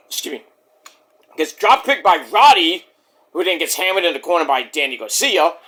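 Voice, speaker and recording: A man's voice: fairly high pitch, sing-song, normal speed, pushed and bright. A man reviewing a wrestling show in a casual, rambling, jokey way, interrupting himself with asides.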